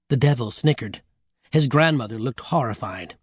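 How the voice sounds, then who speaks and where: Man narrating an audiobook, measured and wry, slightly high voice. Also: no room sound, clean studio sound.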